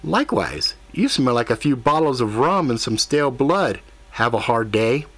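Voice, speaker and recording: A man's voice: medium pitch, big pitch swings, normal speed, fairly bright tone, no echo. A man voicing a snarky female cat spirit in human form who talks bluntly and grumbles a lot. The voice is an audiobook character reading. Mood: sarcastic. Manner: blunt, grumpy, food-loving.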